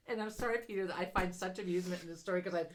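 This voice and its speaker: Fast-talking, swearing woman podcaster. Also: on the low side, background noise. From central Pennsylvania. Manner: profane, giggly storyteller. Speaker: podcast co-host. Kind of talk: casual chat.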